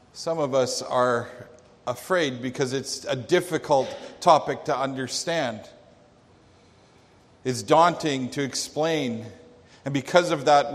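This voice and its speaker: A male pastor preaching a sermon, telling a story dramatically with emphatic pauses. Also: medium pitch. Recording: long reverb of a large hall.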